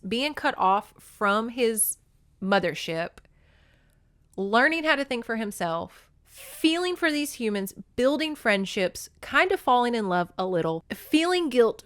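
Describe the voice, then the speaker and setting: A woman's voice: medium pitch, a bit bright, no echo, clean studio sound. A woman hosting a podcast, giving an emotional casual recap of a novel and talking straight to her listeners. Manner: gushing and emotional, talks to listeners as y'all. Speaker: podcast host.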